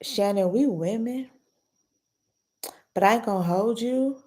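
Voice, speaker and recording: A woman hosting a casual late-night commentary, retelling a case in a chatty, animated way with slangy asides. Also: fairly high pitch, measured pace. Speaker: commentary host.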